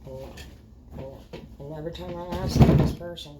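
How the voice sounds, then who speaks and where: A woman's voice: lowish voice, unhurried, dark tone, a little hiss or hum, rough recording. A woman in a casual vlog rant, upset and annoyed, talking in a blunt, profane, indignant way.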